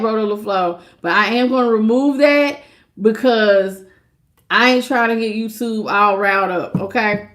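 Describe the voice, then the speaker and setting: Chatty woman reading tarot live. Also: fairly high pitch. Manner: chatty, greets viewers by name, laughs often. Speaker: tarot reader.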